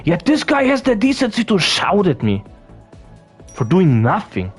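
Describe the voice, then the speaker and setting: A man's voice: sits high, huge pitch swings, unhurried, slightly rough, soft background music. A young man from Austria, ranting profanely and indignantly as he tells a storytime vlog. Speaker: vlogger. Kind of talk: angry storytime rant.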